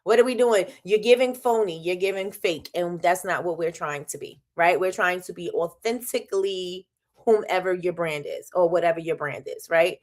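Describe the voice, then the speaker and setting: Lively laughing woman host. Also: on the low side, moderate pace. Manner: lively, laughs often, talks straight to viewers with slang. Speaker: host of a small-business livestream. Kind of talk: casual advice chat to live viewers.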